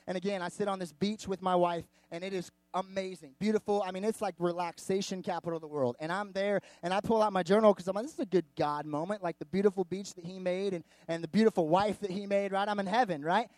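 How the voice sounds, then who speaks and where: A male pastor with a notably high voice tells a story in his sermon, animated, candid and chatty. The sound is close and dry, with no room around it. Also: fast talker, few pauses, no room sound. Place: church service before a live audience.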